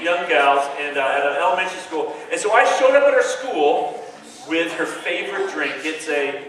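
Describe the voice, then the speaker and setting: A man giving an animated, joking talk to a young audience as a youth speaker, playing to the crowd. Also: a little high, moderate pace. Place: large hall with a live audience. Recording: echoey hall from far off with a crowd. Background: crowd of kids reacting.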